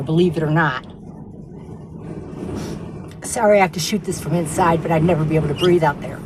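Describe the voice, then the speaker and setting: Chatty woman vlogging in a noisy bus. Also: mid-range voice. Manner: chatty, exclaiming, rambling asides. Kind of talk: casual vlog talk to camera. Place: inside a bus home during a sandstorm. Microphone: handheld phone. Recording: storm noise around the bus.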